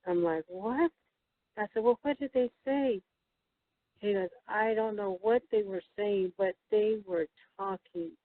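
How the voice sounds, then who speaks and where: A woman guest telling a story in a halting, casual way, with many fillers and restarts as she quotes other people. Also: mid-range voice. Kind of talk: casual storytelling over the phone. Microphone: telephone. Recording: tinny dry phone line.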